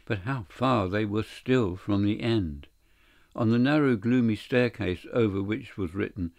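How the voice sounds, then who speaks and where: A man narrating a classic short story in a measured, steady audiobook reading. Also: on the low side, creaky, dry recording. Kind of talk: scripted literary narration.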